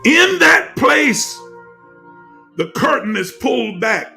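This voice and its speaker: Male preacher, high and gravelly, unhurried, builds to shouts with repeated phrases, soft music behind. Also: very animated. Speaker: teacher of a spiritual group. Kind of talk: fervent spiritual teaching.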